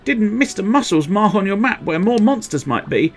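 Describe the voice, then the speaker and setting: A man doing a squeaky bouncy slime critter. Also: very animated, normal speed, faint music behind, heavily acted. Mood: chirpy. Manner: sing-song, punning on goo and slime. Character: bouncy cheerful little slime creature.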